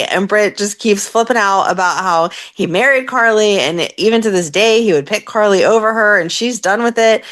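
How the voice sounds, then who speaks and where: A woman's voice: medium pitch, moderate pace, few pauses, a bit bright. A woman co-hosting a fan podcast, chatting casually and retelling scenes by acting out the characters' lines. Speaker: podcast co-host.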